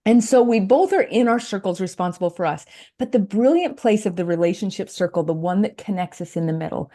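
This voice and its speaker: A woman's voice: mid-range voice, brisk, dark tone. A woman life coach talking earnestly on a podcast, explaining ideas step by step. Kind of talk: podcast conversation.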